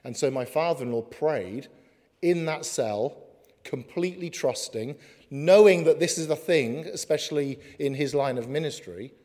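A man preaching a sermon in an earnest way, slowing down for emphatic lines. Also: a little high, a little mellow. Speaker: pastor. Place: church hall. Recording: long hall reverb.

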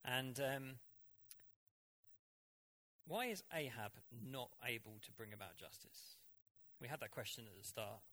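Bright-voiced man preaching. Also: mid-range voice, unhurried, pauses often. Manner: animated, conversational Bible exposition. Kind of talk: sermon.

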